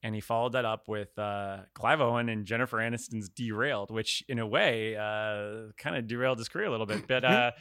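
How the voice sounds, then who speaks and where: A man's voice: fairly low pitch, brisk, few pauses, sharp tone, clean tone, dry recording, clean studio sound. A man co-hosting a podcast in casual chat, rambling through a story with laughs and casual swearing. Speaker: podcast co-host.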